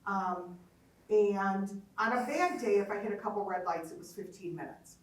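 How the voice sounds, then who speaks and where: A woman's voice: mid-range voice, normal speed. Woman chatting away about her drive, sounds far off the mic, roomy echo. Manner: chatty, self-deprecating, drops softer at the end. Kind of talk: casual storytelling. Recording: echoey room, mic far off.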